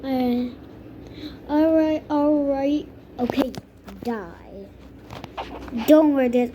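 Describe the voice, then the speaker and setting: A woman's voice: sits high, slow pace, long pauses, warm tone, slight background noise. A young woman muttering exasperated commentary while playing a building game, with dramatic outbursts. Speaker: gamer. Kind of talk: gaming commentary.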